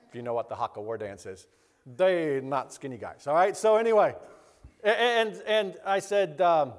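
Middle-aged male pastor, slightly high voice, rambling anecdote full of restarts, acts out other people's voices, long hall reverb. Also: animated, moderate pace. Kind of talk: personal anecdote storytelling.

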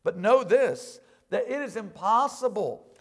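A man's voice: high-pitched, animated, measured pace, a bit bright. A male pastor preaching a sermon, quoting scripture and asking the congregation for amens. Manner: preachy call-and-response with frequent "amen"; quotes scripture in old King James wording.

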